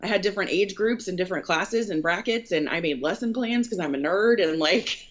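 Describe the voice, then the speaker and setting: Lady photographer rambling thru her story, lots of likes and you knows, kinda low voice, muffled lo-fi audio. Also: fairly quick. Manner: earnest, rambling with many fillers. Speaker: photographer and business owner. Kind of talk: casual interview storytelling. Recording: dull lo-fi recording.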